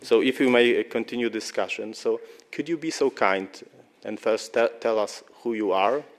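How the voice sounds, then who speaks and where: Male politician, formal and halting, repeats himself. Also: medium pitch, in a large hall, a little hiss or hum. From Poland. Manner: halting, repetitive, formal non-native English. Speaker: politician at press conference. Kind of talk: press conference exchange.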